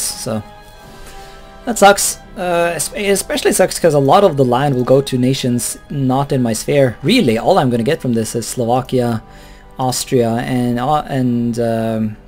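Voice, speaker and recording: A man's voice: medium pitch, a little mellow. A man giving casual, rambling commentary over a strategy game, chuckling and swearing offhandedly. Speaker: let's play host.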